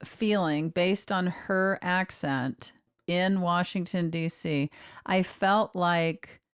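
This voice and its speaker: A woman co-host in casual podcast chat, speaking very slowly with a smooth, clear voice. She hesitates often and pads her thoughts with ums. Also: fairly low pitch, steady tone. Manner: slow, hesitant, many ums.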